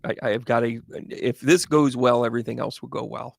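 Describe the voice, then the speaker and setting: Speaking a little fast, a man working as a medium chats on his livestream, his stories winding on with animated tangents and restarts. The gravelly edge of his mid-range voice comes through a dry, close recording without echo or room sound.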